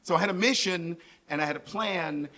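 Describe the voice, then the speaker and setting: A man from New York with a New York accent, telling a comedic personal story on stage, animated, keeps asking the audience "right?" and throws lively voices into the people he quotes. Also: on the high side, brisk.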